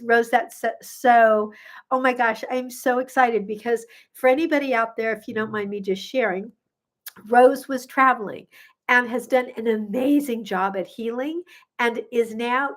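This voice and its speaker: A middle-aged woman, a gut health coach, chatting casually on a live stream, bubbly and effusive with many ums, a little sniffly. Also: a little high. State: sniffly from pollen.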